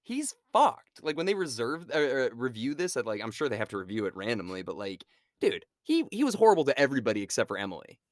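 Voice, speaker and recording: A man co-hosting a casual movie-review podcast, animated and quick to act out characters' lines with shouts and swearing. His voice swings widely in pitch. The recording is dry, with no room sound. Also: no echo. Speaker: podcast co-host.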